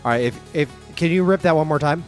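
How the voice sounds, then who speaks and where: A young man hosting a casual livestream, upbeat and playful, firing off quick sign-off patter to his viewers. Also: a little high, soft background music. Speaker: livestream host.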